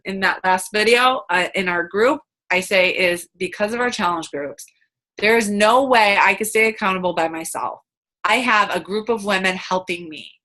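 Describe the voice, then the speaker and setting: A woman's voice: medium pitch, pushed and bright. A woman giving a chatty, upbeat coaching talk over a video call, full of fillers and quoted asides. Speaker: team coach.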